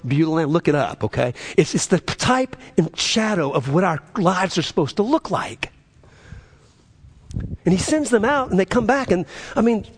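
A man preaching a sermon, swinging between loud, emphatic highs and low, quiet stresses, often repeating words as he builds a point. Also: husky. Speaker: pastor.

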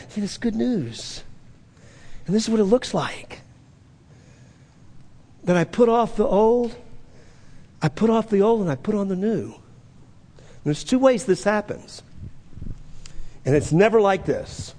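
A man's voice: high-pitched, animated, unhurried, long pauses, a little mellow. A man preaching a sermon as pastor, talking conversationally with sudden emphatic bursts, recorded in a church sanctuary. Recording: long reverb of a large hall.

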